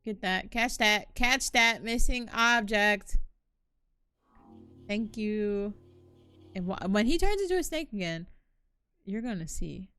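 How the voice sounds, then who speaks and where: A woman's voice: mid-range voice, expressive, takes it slowly, pauses often, pushed and bright, clean tone, faint music behind. A young woman streaming a horror game, chatting casually to her viewers, slangy and swearing, shrieking when startled. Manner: talks to chat, slangy and swears. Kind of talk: casual live-stream commentary.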